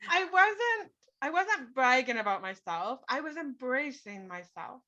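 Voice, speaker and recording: A woman's voice: high voice, animated, a little slow, sharp tone. A middle-aged woman, a guest on an interview show, telling a personal story in an earnest, emphatic way and often checking in with "right?". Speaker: guest, author. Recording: dull lo-fi podcast audio.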